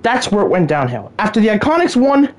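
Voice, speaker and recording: A woman's voice: medium pitch, big pitch swings, fairly quick, darkish tone. A woman hosting a podcast, ranting in exasperation, often sighing and stammering. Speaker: podcast host. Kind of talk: solo wrestling rant podcast.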